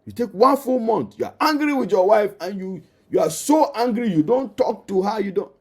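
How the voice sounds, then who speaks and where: A man's voice: sits high, lively intonation, normal speed, darkish tone. Emphatic Nigerian man teaching on marriage. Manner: emphatic, repetitive, addresses listener directly. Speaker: marriage counselor.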